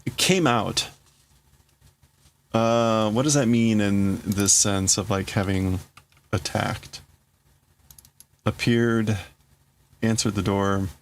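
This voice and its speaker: A man's voice: lowish voice, steady tone, slow pace, pauses often. A man hosting a live stream who reads and translates a comic while thinking aloud, with hesitant restarts. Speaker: livestream host. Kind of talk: casual live reading and translating.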